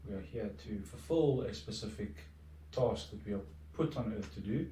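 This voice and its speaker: A man's voice: on the low side, moderate pace, dark tone, slight background noise. A middle-aged man, a podcast guest talking in a reflective, earnest way with frequent restarts. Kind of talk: casual conversation. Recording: echoey room, distant from mic.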